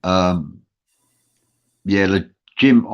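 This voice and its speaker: A man's voice: deep voice, drawn-out words. London man hosting live chat, earnest and rambling, uh-heavy, muffled lo-fi sound. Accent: London English. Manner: rambling, many filler uhs, earnest. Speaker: show host. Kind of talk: live show chat reading viewer comments.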